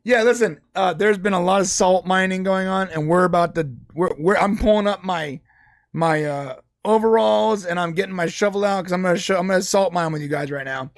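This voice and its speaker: Young man, podcast co-host, mocking commentary, high pitch. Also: brisk, dry recording, studio quality. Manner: sarcastic, mocking, rambling. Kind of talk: casual political commentary.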